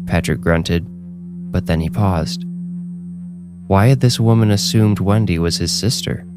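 A man giving a steady, scripted horror narration with music behind. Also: low voice, normal speed.

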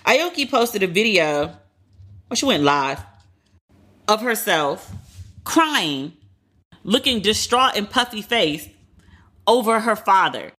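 A woman hosting a podcast, casually retelling celebrity drama in a candid, profane, animated way. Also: medium pitch, takes it slowly, long pauses. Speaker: podcast host. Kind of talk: casual celebrity gossip commentary.

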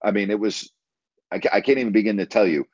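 A man's voice: fairly low pitch, fast talker, a little mellow, dry recording, muffled recording. A middle-aged man, a sports radio host, telling a story in an interview in a blunt, emphatic way with salty language.

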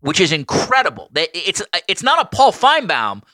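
A man with a New York accent hosting an interview podcast, speaking in an enthusiastic, animated way with quick asides. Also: a little high, no room sound. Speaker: podcast host.

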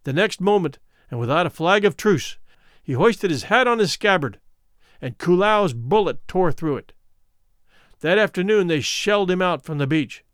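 Male story narrator, dramatic and expressive, slightly high voice, very lively pitch. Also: normal speed, clear, resonant tone, dry recording, studio quality. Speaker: audiobook narrator.

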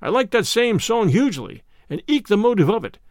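A man's voice: high voice, very animated, fairly quick, no echo, clean studio sound, pitched above the performer's own voice. A man voicing a sly, merry household cook who is fond of song and talks in a sweet, coaxing way.

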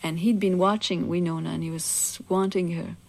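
A woman with a fairly low voice tells an old legend aloud. She takes her time and speaks casually, breaking in with little asides to her listeners. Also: fairly even intonation, creaky, a little mellow. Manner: unhurried, conversational, frequent "you see" asides. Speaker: storyteller. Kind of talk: oral legend telling.

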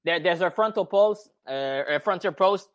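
A man's voice: high voice, normal speed. A man from Quebec with a Quebec French accent, a native French speaker, chatting on a podcast in a hesitant way with many fillers. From Quebec, Canada. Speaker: band member guest. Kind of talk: casual podcast chat.

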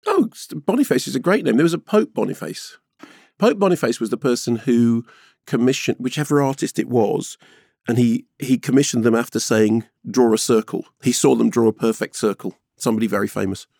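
A man's voice: medium pitch, brisk, vocal fry, a little mellow, no room sound, studio quality. A man co-hosting a film podcast, reviewing films in casual chat with an enthusiastic, digressive manner. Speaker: podcast co-host, film critic. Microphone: studio mic.

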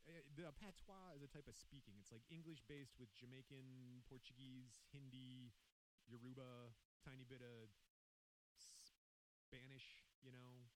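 A man's voice: mid-range voice, steady tone, a little slow, poor audio. A man co-hosting a casual podcast, telling a story with wry asides and reading quotes aloud. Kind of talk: casual chat. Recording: faint hiss.

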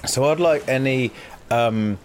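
A man's voice: mid-range voice, unhurried, slight background noise. A man co-hosting a casual podcast, reading listener letters aloud in a dry, self-deprecating way. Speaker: podcast co-host.

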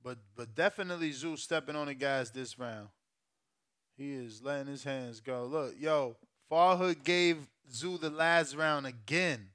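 A man hosting a live stream, reacting to a fight with loud, profane exclamations. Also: mid-range voice, unhurried, clean tone. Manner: excitable, profane, shouts and exclaims.

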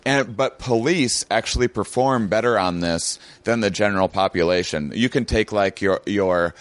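A man's voice: lowish voice, normal speed, dry recording. A man who is a comedian guest in casual chat, laid-back and explanatory, swearing freely.

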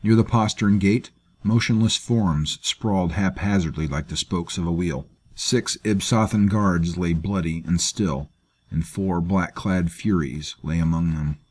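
A man narrating a grim fantasy story in a measured, grave manner. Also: low voice, a little mellow, breathy edge. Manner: measured, grave, performs all characters. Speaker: audiobook narrator. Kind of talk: scripted narration.

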